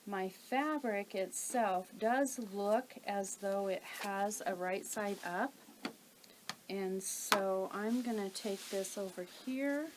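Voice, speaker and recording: A woman calmly talking through a sewing tutorial step by step while she works. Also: mid-range voice, slow pace, background noise. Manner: calm, methodical, talks while working. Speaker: quilting instructor.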